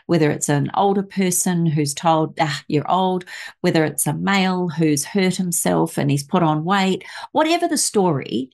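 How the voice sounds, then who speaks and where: A woman's voice: lowish voice, a little mellow. A woman hosting a casual chat, asking long, winding questions. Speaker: host.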